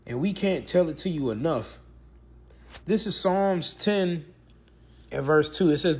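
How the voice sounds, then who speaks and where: A man's voice: a little high, expressive, a little slow, pauses often, slightly rough. A man giving a preaching commentary with scripture reading, emphatic and repetitive, firing off rhetorical questions. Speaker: religious commentator.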